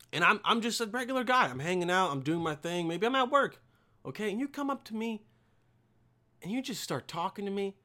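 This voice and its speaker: A young man ranting profanely to camera as a vlogger, with loud bursts and mocking quoted voices. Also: high-pitched. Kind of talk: profane comedic rant.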